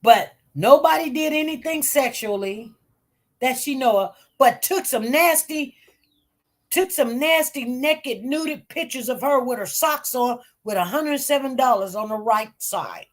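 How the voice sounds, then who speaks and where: A woman's voice: high voice, a little slow. A woman giving casual, emphatic commentary on news stories, repeating herself and talking informally. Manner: emphatic, repetitive, animated.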